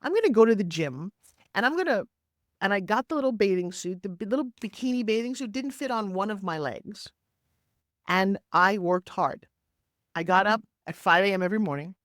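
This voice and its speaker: Energetic woman in her sixties, dry sound. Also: no room sound. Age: 60s. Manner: energetic, emphatic, swoops in pitch. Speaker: podcast guest. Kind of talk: animated interview storytelling. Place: home office, Florida. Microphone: video call.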